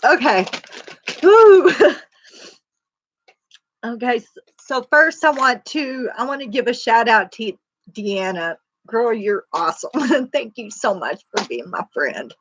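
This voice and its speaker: A woman's voice: fairly high pitch, lively intonation, takes it slowly, pauses often, a little hiss or hum. A woman hosting a casual, faith-driven livestream, talking in a chatty, folksy, rambling way with lots of fillers. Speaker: livestream host.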